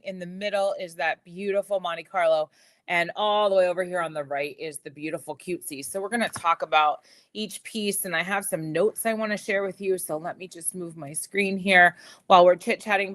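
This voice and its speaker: A middle-aged woman chatting casually on a live stream about jewelry, telling stories with lots of fillers and repeated words, with a slight whistle in her speech from a missing tooth. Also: medium pitch. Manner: chatty, animated storytelling with frequent fillers and repeats.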